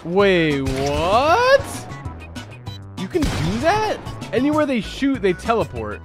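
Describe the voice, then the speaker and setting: A young man reacting to game clips in excited, slangy commentary, laughing often and calling everyone bro. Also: sits high, measured pace. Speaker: reaction video host. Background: game clip audio and music playing.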